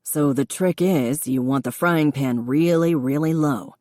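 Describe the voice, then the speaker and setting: Patient, encouraging young man teaching cooking in an audiobook, read by a woman; low and dry. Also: a little slow, no room sound. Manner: patient, encouraging, gently instructive.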